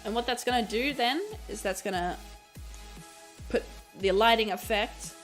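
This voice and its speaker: A woman's voice: a little high, normal speed, soft background music. A woman from Australia. She streams and chats casually while explaining her digital painting, giggling and repeating phrases, a bit under the weather and coughing. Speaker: streamer and artist.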